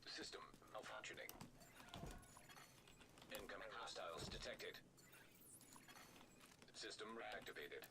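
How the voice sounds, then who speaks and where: A man's voice: lowish voice, slow, creaky, pauses often, whispered. A man voicing a terse soldier-system character in a game, giving clipped status callouts, heard faintly as distant game audio.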